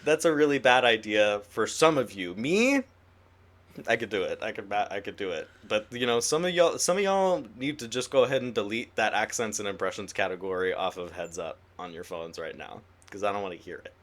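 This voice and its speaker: A man's voice: on the low side, a little fast. Giggly young man ranting on a podcast. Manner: giggly, animated, jokey rants. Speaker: podcast co-host. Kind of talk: casual chat.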